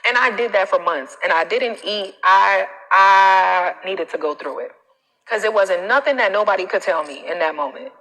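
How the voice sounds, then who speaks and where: A woman coach hosting a casual live stream, animated and emphatic, with a preachy manner full of slang asides. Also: medium pitch, normal speed, low-quality recording.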